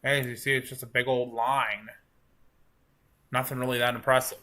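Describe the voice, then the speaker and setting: A man hosting a live storm-tracking stream from his couch at home, talking with viewers in a relaxed, rambling way. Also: medium pitch, normal speed. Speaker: livestream storm chaser host. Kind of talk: casual live-stream commentary.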